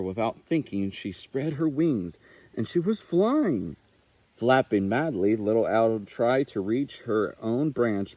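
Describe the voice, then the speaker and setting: A man, a naturalist, reading a children's picture book aloud with expressive, unhurried storytelling. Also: mid-range voice, no echo.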